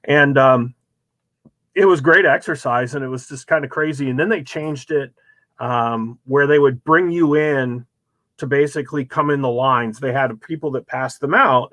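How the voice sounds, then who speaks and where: A man as a guest on a show, telling rambling, animated stories full of ums and uhs. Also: mid-range voice, dry recording. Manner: rambling, many fillers, animated storytelling. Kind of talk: casual chat, anecdotes.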